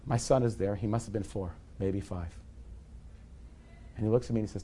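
A man's voice: on the low side, steady tone, fairly quick, dark tone, slight background noise. A man in his forties telling a personal story to a live audience in a candid, conversational, self-deprecating way. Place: event hall with a live audience.

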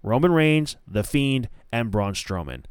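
His mid-range voice is very animated, clear and resonant, going a little slow, in a dry, studio-quality recording. He hosts a casual wrestling podcast, rambling through opinionated takes and often correcting himself mid-sentence.

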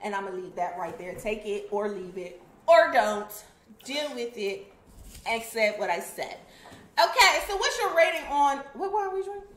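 A woman's voice: a little high, very animated, normal speed, a bit bright, reverberant. A woman co-hosting a casual chat, talking in an emphatic, blunt way. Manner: emphatic, blunt, says "period". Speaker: co-host.

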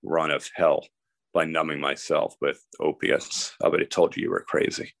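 A man's voice: rumbling low, fairly even intonation, moderate pace, creaky, a bit bright, no echo. A middle-aged man telling his personal story candidly and conversationally as a podcast guest.

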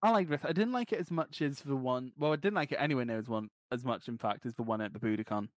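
A man's voice: mid-range voice, fast talker, no echo. A man with a hard-to-place English accent, co-hosting a casual podcast, swearing freely and laughing through his stories. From Scotland. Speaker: podcast co-host. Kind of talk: casual chat.

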